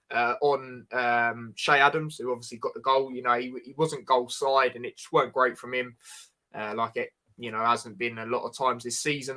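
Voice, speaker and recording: A man's voice: mid-range voice, sharp tone. A man hosting a casual football review, rambling with lots of fillers. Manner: rambling, frequent fillers like "you know" and "man". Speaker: podcast host.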